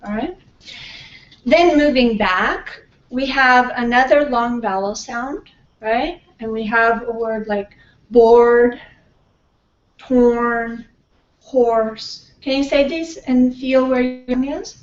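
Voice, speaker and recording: Woman teaching pronunciation in an echoey room. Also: sits high. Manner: checks in often with the class, models words slowly. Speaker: pronunciation workshop instructor. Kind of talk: classroom teaching. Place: classroom. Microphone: distant room mic. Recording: echoey classroom from far off, dull and slightly noisy.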